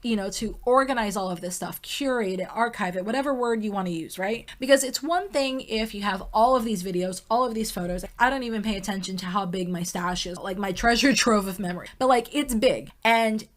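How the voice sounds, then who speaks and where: A woman's voice: mid-range voice, brisk, few pauses. A woman in her thirties hosting a podcast, talking candidly and emotionally in a rambling personal monologue, swearing freely. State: close to tears. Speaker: podcast host.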